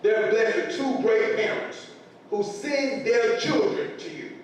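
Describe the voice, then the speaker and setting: A man's voice: extremely high pitch, slow, a little hiss or hum. A man in his forties giving a humorous motivational speech to teachers, telling stories with acted-out quotes and folksy grammar. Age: 40s. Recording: echoey hall from far off.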